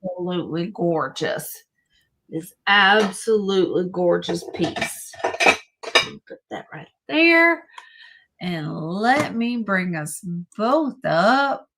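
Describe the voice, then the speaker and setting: A woman's voice: lowish voice, animated, takes it slowly, a bit bright. A woman hosting a live online vintage sale, praising items enthusiastically and announcing upcoming shows.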